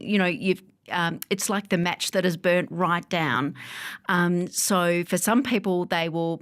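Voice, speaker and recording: A woman, a psychologist speaking calmly and reassuringly in a podcast interview, with frequent fillers. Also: fairly low pitch. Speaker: psychologist guest.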